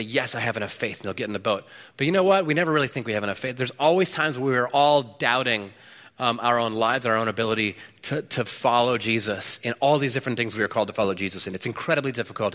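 A man preaching a sermon, swinging between loud bursts and low, hushed stretches. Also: in a large hall. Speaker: pastor.

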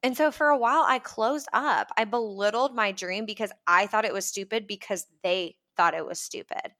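A woman's voice: mid-range voice, normal speed, fairly bright tone. A young woman hosting a podcast, talking casually and upbeat, acting out little quoted voices as she goes. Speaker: podcast host.

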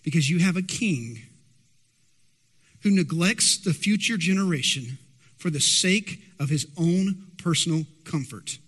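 A man's voice: a little high, lively intonation, unhurried, fairly bright tone, husky. A man preaching a sermon as pastor, emphatic and asking the congregation rhetorical questions. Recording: long hall reverb.

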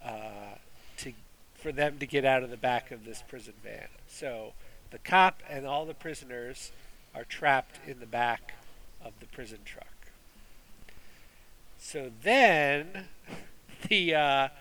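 A man's voice: medium pitch, takes it slowly, pauses often, sharp tone, rough recording. A man hosting a casual movie review chat, rambling with fillers and restarts. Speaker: movie review podcast host.

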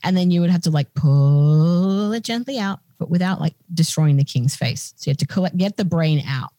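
A woman's voice: lowish voice, lively intonation, moderate pace, dark tone, dry recording. A woman podcast co-host chatting casually and irreverently, explaining with jokes. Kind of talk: casual chat.

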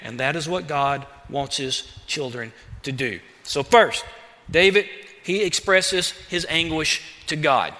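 A man preaching a sermon as pastor, in an animated, conversational way with playful asides, in a church sanctuary. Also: on the high side, slow. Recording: church hall reverb.

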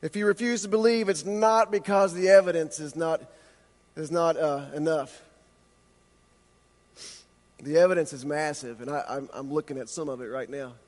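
A man preaching a sermon with impassioned rhetorical questions, slowing down for emphasis. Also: a little high, steady tone, big-room sound. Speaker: pastor.

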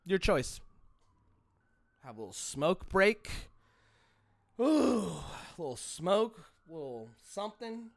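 A man's voice: a little high, big pitch swings, measured pace, dry recording. A man hosting a solo podcast, talking in a profane, rambling rant with frequent restarts. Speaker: podcast host.

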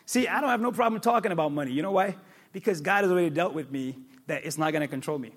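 A male pastor preaching a sermon, emphatic and repetitive, with sudden loud peaks. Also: fairly high pitch, fast talker, breathy edge.

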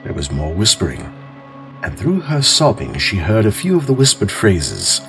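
A man hosting and narrating a calm mystery story in a measured, expressive way. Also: on the low side, soft background music. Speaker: host and narrator.

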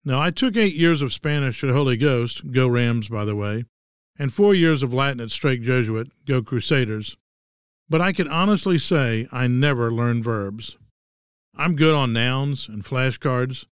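A man's voice: mid-range voice, unhurried, clear, resonant tone, no echo. A man in his sixties with a Texan accent, hosting a scripted monologue with dry, wry humor. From Texas. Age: 60s. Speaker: host.

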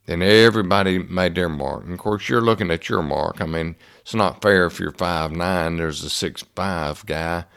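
A man talks in a deep, low register, and his voice has a gravelly, fried edge. He spins a personal story in a folksy, homespun way and takes his time with it, the way a speaker does when he wants to make a point to the people listening. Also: normal speed, hardly any pauses, a bit bright. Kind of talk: storytelling talk.

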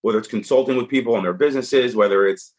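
Frank, animated male storyteller. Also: medium pitch, quick pace. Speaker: podcast guest. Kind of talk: casual storytelling in conversation.

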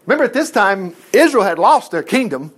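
A man preaching a sermon in an animated, emphatic way, with joking asides and chuckles. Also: high voice, fairly quick, husky.

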